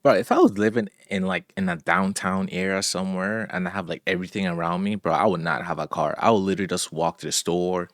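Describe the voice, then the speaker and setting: A man's voice: low-pitched, steady tone, fast, hardly any pauses, no echo, clean studio sound. A man chatting casually, laid-back, dropping "bro" and "like" between his thoughts. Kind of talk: casual chat.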